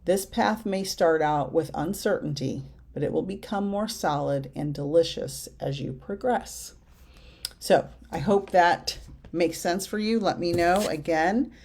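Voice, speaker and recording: A woman's voice: low-pitched, very animated, a little slow, gravelly, darkish tone. A woman reading oracle cards aloud in a chatty, effusive way. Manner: chatty and effusive, reads card text aloud. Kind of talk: card-reading vlog.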